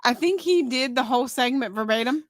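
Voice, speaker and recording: A woman's voice: high voice, expressive, a little fast, dry recording. A woman co-hosting a talk show, chiming in with dry, teasing remarks. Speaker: podcast co-host. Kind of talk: casual chat.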